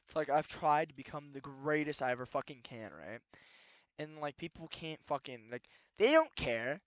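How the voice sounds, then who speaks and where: A man's voice: on the high side, big pitch swings, normal speed, fairly bright tone, no room sound. Rambling, cursing young man. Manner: profane, rambling, swings between muttering and heated ranting. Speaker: solo podcast host. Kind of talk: rambling late-night monologue.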